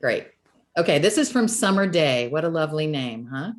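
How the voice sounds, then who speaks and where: A woman interviewing a guest, warm and encouraging, reading out listeners' questions. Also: low voice, animated, normal speed. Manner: warm, encouraging, frequent agreement. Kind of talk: interview, short affirmations. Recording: video call.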